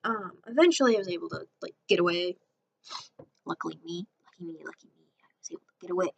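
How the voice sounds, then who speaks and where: A woman's voice: on the low side, expressive, fast talker, gravelly, lo-fi sound. A young woman casually telling a rambling storytime, sarcastic, often acting out quotes in a raised voice. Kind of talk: casual storytime over a speedpaint.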